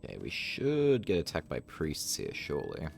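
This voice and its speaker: A man's voice: extremely low pitch, wildly swooping pitch, normal speed, creaky, darkish tone, faint music behind. A man streaming a horror game live, chatting casually with wry asides and reactions.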